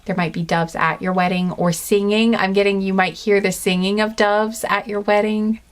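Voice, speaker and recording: A woman giving an intuitive pick-a-card reading, chatting gently and earnestly with lots of fillers and restarts. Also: mid-range voice, little pitch movement, moderate pace. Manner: rambling, many fillers and restarts. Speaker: tarot card reader.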